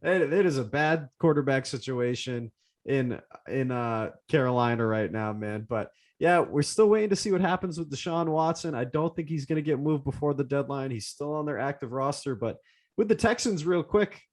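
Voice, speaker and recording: A man's voice: medium pitch, animated, normal speed. A young man co-hosting a sports podcast, casually steering the talk to the next topic with enthusiasm. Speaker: podcast co-host.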